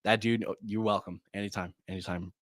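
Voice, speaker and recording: A man's voice: lowish voice, fairly even intonation, a bit bright, dry recording. Guy running a live fantasy football q&a, firing off picks, sighs a lot, dry close mic. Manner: rapid answers, reads viewer names and questions; distracted, sighs often. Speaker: fantasy football podcast host. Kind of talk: live start/sit Q&A.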